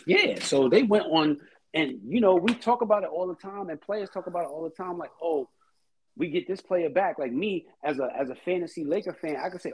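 A man co-hosting a casual sports talk show, animated and repetitive, laughing often. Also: sits high, brisk, breathy edge, poor audio. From Haitian-American. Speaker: podcast co-host.

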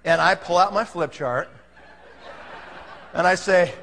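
A man telling a story to an audience, animated and acting out the scene. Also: high-pitched, takes it slowly, slight background noise. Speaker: speaker telling a sales story. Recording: long hall reverb.

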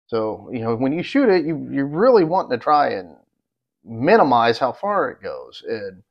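This man's mid-range voice is sing-song and unhurried, with vocal fry. Co-hosting a podcast, he spins a long, rambling, profane hunting story and gets worked up as he quotes others, all in dull lo-fi sound.

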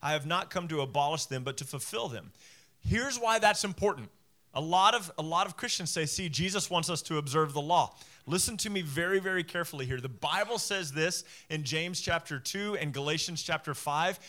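A man with a high, bright voice preaches a sermon to his congregation. He is emphatic, doubles up his words and slips into little acted voices for the people he quotes. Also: lively intonation, a little fast. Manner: emphatic, repeats phrases, acts out quoted voices. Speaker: pastor.

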